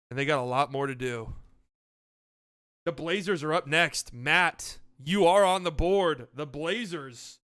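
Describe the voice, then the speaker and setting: A man with a high, smooth, resonant voice hosts a casual online mock draft. He drifts between quiet mumbled asides and loud mock-announcer calls, talking into a desk mic. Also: measured pace. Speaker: host running a community mock draft. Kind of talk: casual livestream chat with mock announcer bits.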